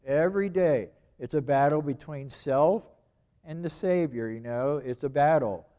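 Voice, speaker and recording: A man preaches in a loose, conversational way. He repeats his phrases and keeps asking rhetorical questions. His voice sits a little higher than most men's. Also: measured pace, warm tone. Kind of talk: sermon.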